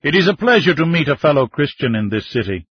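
A man's voice: fairly high pitch, very animated, quick pace, breathy edge, dry recording, pitched above the performer's own voice. A man voicing a gracious male cardinal welcoming a guest, in an audiobook reading. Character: warm older male cardinal, gracious host. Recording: dull lo-fi dry recording.

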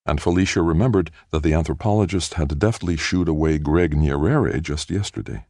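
A man narrating an audiobook in a measured storytelling manner. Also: a bass voice, darkish tone, dry recording, clean studio sound.

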